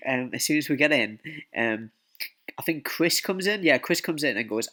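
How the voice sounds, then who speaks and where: A man's voice: mid-range voice, animated, moderate pace, sharp tone. A man telling a casual storytime vlog story, rambling, repeating himself and swearing often. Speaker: vlogger.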